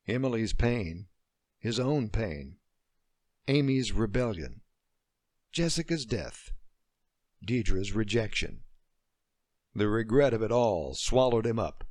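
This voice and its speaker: A man narrating a romance novel as an audiobook, reading slowly and expressively. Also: fairly low pitch, lively intonation, darkish tone, dry recording, studio quality. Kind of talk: scripted narration.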